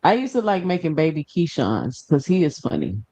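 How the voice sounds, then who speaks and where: A woman co-hosting a casual boxing chat, relaxed and swearing freely. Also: low voice, fairly quick.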